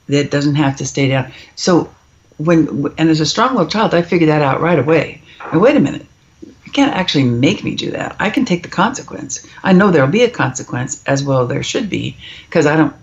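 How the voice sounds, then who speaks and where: A woman's voice: low-pitched, darkish tone, muffled recording. A middle-aged woman, a parenting author, speaking emphatically as a podcast guest and acting out quoted voices in her stories. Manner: emphatic, storytelling, acts out quoted kids and parents. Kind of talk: podcast interview.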